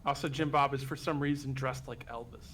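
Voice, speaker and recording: A man's voice: mid-range voice, steady tone, fairly quick, fairly bright tone, breathy edge. A man chatting casually with a game streamer, tossing in wry jokes. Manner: wry, joking asides. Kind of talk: casual chat.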